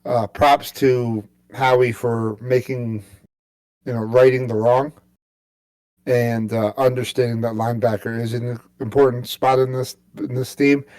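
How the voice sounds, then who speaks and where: A man's voice: medium pitch, flat delivery, measured pace, a little mellow, dry recording. A man co-hosting a sports podcast, chatting casually and rambling with lots of fillers and restarts. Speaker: podcast co-host.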